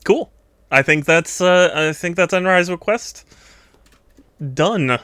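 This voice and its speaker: Guy streaming his drawing requests, smooth clear voice, dry close mic, rambly and laughing a lot. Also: high-pitched, slow, bright, forceful tone, no room sound. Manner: rambling, chatty, laughs often, trails off in thought. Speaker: streamer taking art requests. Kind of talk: casual live-stream chat while drawing.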